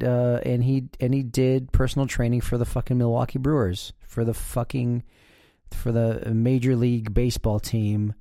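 A man hosts a podcast on his own, delivering a casual, rambling, profane monologue full of fillers and restarts. His voice is on the low side and warm, recorded in a clean studio with no echo.

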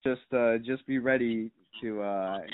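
The young podcast guest talks at a measured pace in a mid-range voice, spinning rambling, mock-serious tales thick with fillers and swearing. The recording sounds dry and tinny, much like a phone line.

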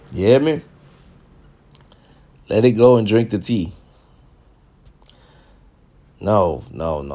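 Low-voiced man on a cussing rant. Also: mellow. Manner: repetitive, preachy and heavy with cursing. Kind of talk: profane comedic rant to camera.

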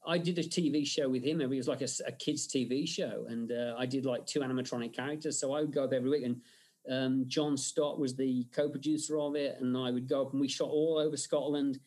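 A man's voice: mid-range voice, fast. A man being interviewed, telling stories animatedly with frequent laughs and fillers. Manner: animated storyteller, laughs often, many fillers. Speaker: special-effects artist and director, guest. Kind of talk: casual interview.

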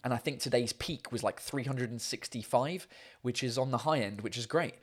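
A man hosting a casual live show from home on a microphone, chatty and rambling with lots of fillers, excitable and casually swearing. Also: medium pitch, fairly quick. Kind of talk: casual chat.

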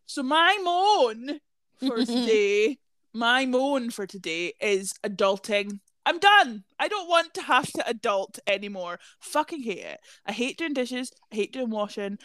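A woman's voice: on the high side, expressive, moderate pace, hardly any pauses, a bit bright, no room sound. A young woman, chatting casually as a podcast host, sweary and gushing, with long run-on rants. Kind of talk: casual chat.

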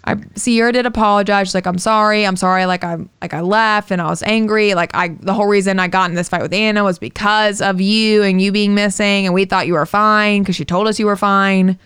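A woman's voice: mid-range voice, fairly even intonation, a little fast, few pauses, a bit bright, smooth, dry recording, clean studio sound. A young woman co-hosting a podcast, telling a personal story in casual chat, candid and swearing freely. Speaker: podcast co-host.

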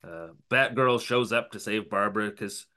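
A man's voice: on the low side, normal speed, bright, forceful tone. A man co-hosting a podcast, recapping a TV episode in a wry, rambling way. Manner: wry, dry, rambling narration. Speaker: podcast co-host.

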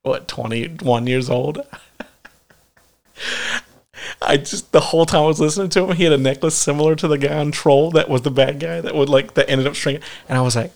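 A man's voice: a little high, fairly quick, vocal fry. A man in his thirties co-hosting a podcast, rambling through stories in casual chat, swearing often and laughing at himself. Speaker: podcast co-host.

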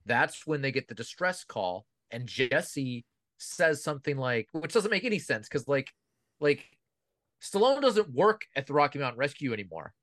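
A man's voice: medium pitch, big pitch swings, normal speed, a bit bright, no room sound, clean studio sound. A man chatting about a movie in a wry, critical way, laughing as he talks. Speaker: podcast co-host. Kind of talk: casual movie discussion.

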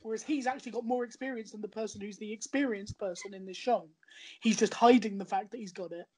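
A woman's voice: mid-range voice, fairly even intonation, quick pace, mellow, slight background noise. A woman chatting in a rambling way about a show she recommends, often restarting her sentences. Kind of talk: casual podcast chat.

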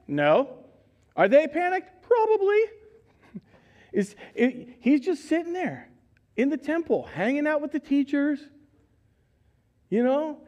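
A middle-aged man preaching a sermon in a church, telling the story with animated voices and questions to the congregation. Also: very high voice. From United States. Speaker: pastor. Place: church sanctuary.

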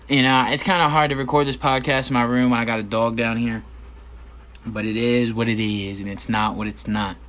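A man's voice: medium pitch, a bit bright, a little hiss or hum. A man hosting a casual solo podcast from his bedroom, rambling and joking with plenty of swearing. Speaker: podcast host.

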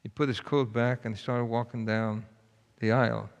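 A preacher tells a story in a folksy, earnest way, his voice gravelly at mid pitch. The sound carries a long reverb from a large hall. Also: level tone, normal speed. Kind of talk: sermon storytelling.

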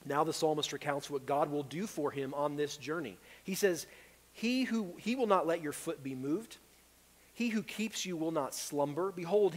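A pastor preaching a sermon with earnest urgency, rising to loud pleas and dropping to hushed tones. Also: male voice, fairly high pitch, big-room sound. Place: church sanctuary.

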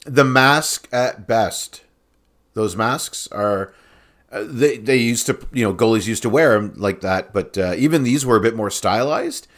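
A man's voice: mid-range voice, expressive, unhurried, fairly bright tone. Laughing man in casual chat. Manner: laughs often, repeats himself when starting sentences. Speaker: podcast co-host.

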